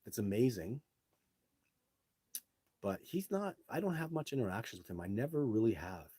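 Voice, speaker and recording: Husky low-voiced man telling stories live. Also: moderate pace, dry recording. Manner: animated, swears casually, repeats words. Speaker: live show host. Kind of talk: casual live-stream storytelling and viewer Q&A.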